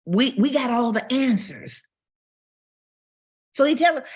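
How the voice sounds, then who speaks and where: A woman's voice: sits high, animated, slow, long pauses, darkish tone, husky. A woman pastor preaching a sermon, telling stories and acting out quotes and barking sounds.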